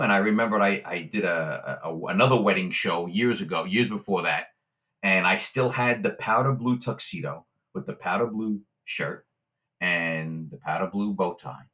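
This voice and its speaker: A man telling a story as a guest in casual conversation, animated and acting out the voices of the people he quotes. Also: sits low, narrow, tinny audio.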